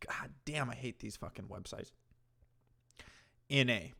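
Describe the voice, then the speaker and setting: A man's voice: mid-range voice, a little slow, gravelly, husky. A man hosting a live stream, reacting to clips and chatting with viewers in a sarcastic, profane way. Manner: bursts into loud laughter and yelling. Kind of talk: casual live-stream commentary.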